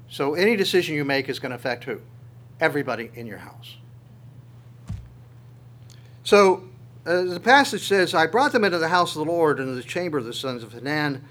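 A man's voice: medium pitch, fairly bright tone. A male pastor preaching a sermon, reading scripture aloud with his own commentary and asking the congregation rhetorical questions.

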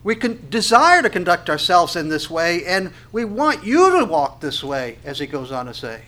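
A man's voice: sits high, sing-song, normal speed, pushed and bright. A man preaching an expository sermon on a Bible passage, asking rhetorical questions, building emphasis and often restarting his phrases. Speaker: pastor.

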